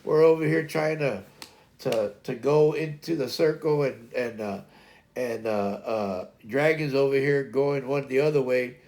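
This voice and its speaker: A streamer host with a medium-pitched, darkish voice tells a funny story at an unhurried pace in casual chat. He rambles with plenty of fillers, searches for words, and laughs along the way.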